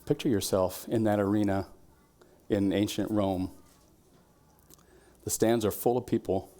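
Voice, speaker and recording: A man preaches in a church in a fairly low voice. He talks in a relaxed, conversational way and drops his voice low at times. Now and then he bursts out loud to act out a cheering crowd. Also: unhurried. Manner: conversational preaching, drops to quiet tones, shouts quoted cheers. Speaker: pastor. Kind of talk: sermon.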